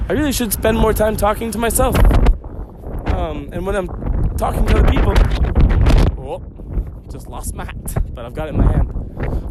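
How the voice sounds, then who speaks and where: A man's voice: fairly high pitch, very noisy. A man hosting a solo podcast, rambling and joking to himself as he walks outdoors along city canals. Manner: playful, joking self-talk with digressions. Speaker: podcast host.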